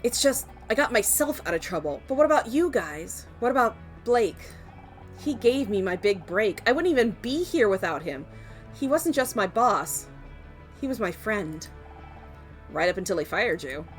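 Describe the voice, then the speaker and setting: A woman voicing a young actress turned sleuth in a game, thoughtful and quiet. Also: mid-range voice, very animated, moderate pace, faint music behind, lightly acted. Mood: troubled.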